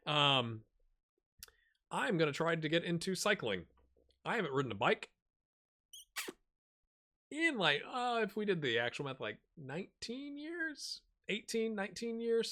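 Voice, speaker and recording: Forties male gaming host, bright forceful tone, rambling self-deprecating let's-play chatter. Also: a little high. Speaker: gaming YouTuber. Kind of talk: casual let's-play commentary.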